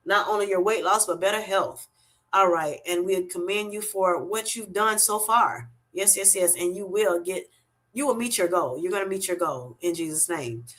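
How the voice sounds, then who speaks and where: A middle-aged woman hosting a live stream, reading viewer comments aloud and chatting warmly, calling everyone honey. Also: fairly low pitch, normal speed. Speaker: livestream host.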